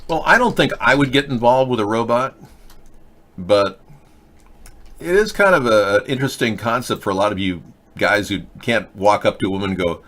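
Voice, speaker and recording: Blunt, lecturing man with a bright voice. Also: medium pitch, expressive, moderate pace. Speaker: host. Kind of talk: live video chat commentary, answering viewer comments.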